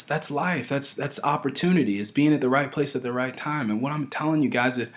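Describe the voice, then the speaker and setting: A man in his thirties talking casually and earnestly to his followers, rambling and pressing his points harder as he goes. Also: mid-range voice. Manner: earnest, rambling, keeps asking "right?"; grows forceful when stressing a point. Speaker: vlogger addressing followers. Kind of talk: casual direct-to-camera talk.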